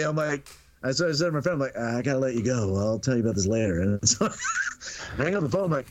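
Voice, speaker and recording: A middle-aged man telling a story on a podcast, casual and animated, acting out the dialogue and laughing often. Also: mid-range voice, fairly quick. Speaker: podcast guest.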